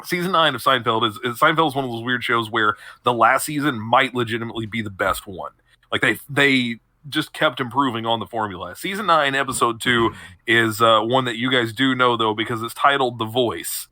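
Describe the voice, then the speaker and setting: A man's voice: mid-range voice, fairly quick, bright, forceful tone, dry recording. A young man on a podcast, animatedly retelling TV episodes and laughing often mid-sentence. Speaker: podcast co-host. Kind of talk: casual chat, recapping TV episodes.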